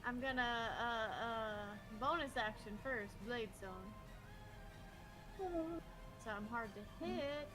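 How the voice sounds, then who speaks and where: Slow, hesitant high-voiced woman. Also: music in the background. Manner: hesitant, thinking aloud. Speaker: player. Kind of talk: casual tabletop play.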